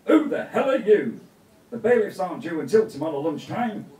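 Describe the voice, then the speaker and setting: Man voicing a broke male gambler, gruff loud protests, loud and forceful, roomy echo. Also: a little high, lively intonation, moderate pace, lightly acted. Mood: exasperated.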